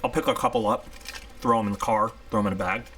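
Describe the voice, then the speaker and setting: A man's voice: fairly low pitch, steady tone, quick pace, pushed and bright. A man giving a casual, rambling unboxing review, chatty and candid. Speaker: product reviewer.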